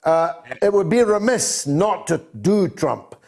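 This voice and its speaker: A man's voice: high-pitched, lively intonation, slow pace, creaky, darkish tone. Male talk-show host with emphatic questions. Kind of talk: casual talk-show interview.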